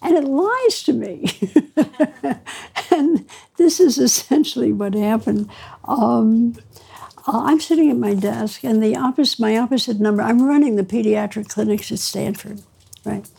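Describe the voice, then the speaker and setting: A woman's voice: on the high side, measured pace, vocal fry, dark tone, husky. An older woman, a pediatrician, telling her story in an interview, reflective and wry, laughing between phrases. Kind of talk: storytelling in conversation.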